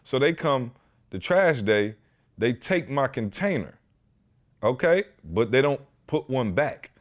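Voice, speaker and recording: A man hosting a podcast, telling stories in casual chat with slangy, animated delivery. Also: mid-range voice, slow. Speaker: podcast host.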